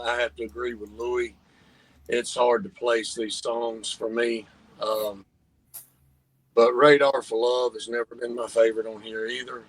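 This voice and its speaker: A man with an even, mid-range voice shares his song ranking in an easygoing way. He stretches his words and takes his time. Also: mid-range voice, rough recording. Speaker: podcast co-host. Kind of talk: casual album ranking chat.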